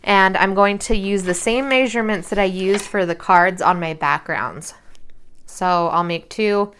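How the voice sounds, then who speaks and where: A woman's voice: mid-range voice, measured pace, fairly bright tone, slight background noise. A tired woman in her thirties chatting casually at home while she crafts, rambling with lots of fillers. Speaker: crafting vlogger and mother.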